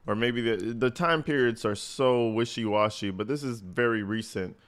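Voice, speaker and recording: Male reaction commentator, casual and profane, mocking tone, mid-pitched voice. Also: normal speed, clean tone. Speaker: commentary host.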